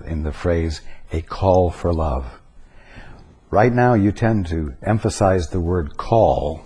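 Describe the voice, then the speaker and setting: Guy teaching spiritual stuff real slow, low husky voice, leans on single words. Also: warm tone.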